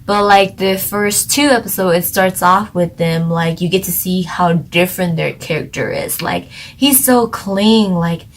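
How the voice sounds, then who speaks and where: Young woman, casual drama review, lowish voice, rambling and chatty, lots of "like". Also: unhurried, few pauses. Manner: chatty, rambling, heavy use of "like". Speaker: drama reviewer, channel co-host.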